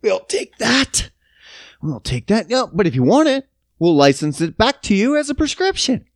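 A man's voice: high voice, big pitch swings, moderate pace, no echo, studio quality, pitched above the performer's own voice. A man putting on the mocking, sing-song voice of smug, greedy male officials.

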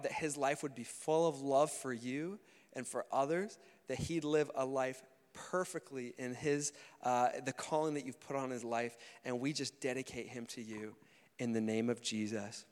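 A male pastor leading a baby dedication at church, speaking gently and cheerfully and cooing to the baby. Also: medium pitch, steady tone, moderate pace, in a large hall. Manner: gentle, upbeat, coos to a baby. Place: church hall.

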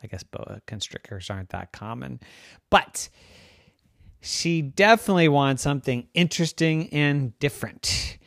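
A man improvising a bedtime story, playful and animated, his pitch rising and falling a lot. He takes his time with the words, and the sound is close and dry. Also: gravelly, no echo. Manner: playful, animated, drawn-out phrasing.

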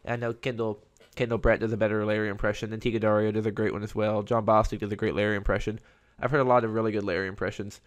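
Man, podcast host, casual solo talk, rambling, low voice, flat delivery. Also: quick pace. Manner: rambling and conversational.

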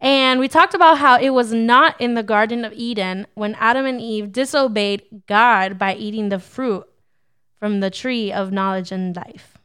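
Young woman hosting a church-y podcast, smooth clear voice, upbeat and preachy, laughs a lot. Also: fairly high pitch, moderate pace, a bit bright. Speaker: podcast co-host. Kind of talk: casual faith-based podcast talk.

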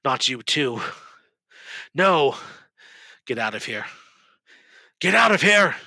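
Man doing a fragile haunted young guy, jumpy, bright-edged voice, dry sound. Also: mid-range voice, animated, slow pace, no echo, heavily acted. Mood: panicked. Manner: unsettled, swings between quiet and frantic.

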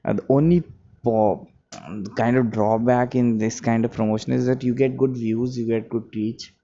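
Sleepy and yawning, this male music producer rambles through a reflective daily monologue, self-correcting as he thinks aloud. He speaks at a moderate pace in a warm, steady, medium-pitched voice. The lo-fi audio sounds dull, with faint background hum.

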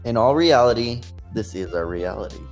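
A man co-hosting a podcast in casual chat, joking and animated, swearing now and then. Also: fairly low pitch, fairly quick, soft background music. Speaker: podcast co-host.

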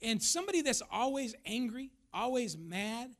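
A man's voice: very high voice, very animated, moderate pace. A man preaching a sermon as pastor, emphatic, now and then acting out the voices of the people he talks about.

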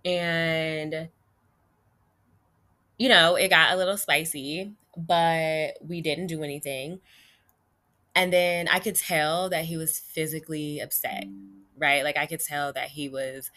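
Frank female vlogger, low register with a bright edge, casual "like"-heavy delivery. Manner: chatty, frequent "like" and "you know", addresses viewers as "y'all"; frank and emphatic. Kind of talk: candid personal storytelling.

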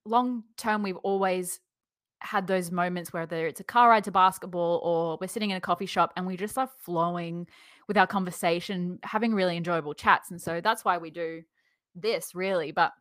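A young woman hosting a podcast, chatting casually and telling stories in a lively way. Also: fairly low pitch, normal speed, dry recording, clean studio sound. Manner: lively storyteller, laughs through anecdotes. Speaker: podcast host. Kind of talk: casual chat.

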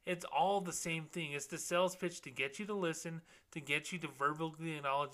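A man's voice: fairly high pitch, fairly even intonation, fairly quick, few pauses, fairly bright tone. A man hosting a podcast, ranting sarcastically about money and scams and mocking complainers in put-on quotes. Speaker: podcast host, former banker. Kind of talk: casual ranting monologue.

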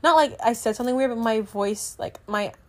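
A teenage girl talks casually to her viewers, her voice sitting a bit high. She rambles, stacks up fillers and keeps breaking off to restart her thoughts. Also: a little fast. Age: teens. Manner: rambling, chatty, filler-heavy with lots of "like"; self-correcting, trails off and restarts. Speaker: vlogger. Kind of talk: casual chat to camera.

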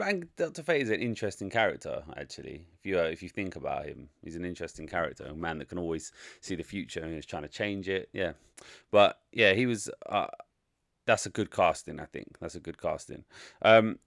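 A man's voice: lowish voice, fairly bright tone, no echo, clean studio sound. A man giving a casual, frank and rambling spoken movie review, full of opinions. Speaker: film reviewer.

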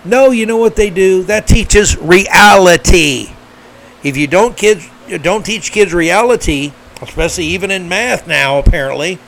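A man's voice: a little high, slight background noise, low-quality recording. A man hosting a podcast, delivering a combative, sarcastic political commentary monologue. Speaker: podcast host.

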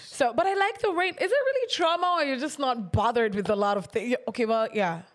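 High, lively-voiced laid-back woman. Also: brisk. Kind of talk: casual chat.

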